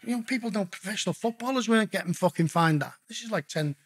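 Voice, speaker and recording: A man's voice: high voice, quick pace, slight background noise. A man, a guest, telling a story casually and animatedly, swearing heavily as he goes. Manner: heavy swearing, animated retelling.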